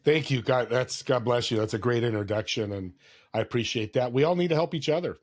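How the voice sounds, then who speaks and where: A man in his sixties, guesting on a podcast, tells stories in a warm, earnest, heartfelt way during a casual interview, sometimes acting out other people's lines. His voice is mid-range and fairly quick.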